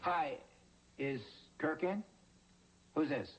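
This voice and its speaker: A slow, somewhat high male voice carries this sitcom performance, with slight background noise and a studio audience laughing. The actor plays the lead, a flustered middle-aged man stammering and joking his way through awkward situations.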